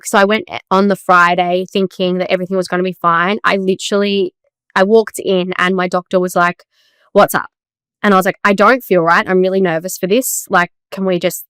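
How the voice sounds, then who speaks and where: A woman co-hosting a casual podcast, talking in a relaxed, chatty way and acting out conversations as she tells a story. Her voice is smooth and clear at a middle pitch. The sound is dry and close to the mic. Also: no room sound. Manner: chatty, storytelling with quoted dialogue. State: tearful at times. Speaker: podcast co-host. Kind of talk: casual chat.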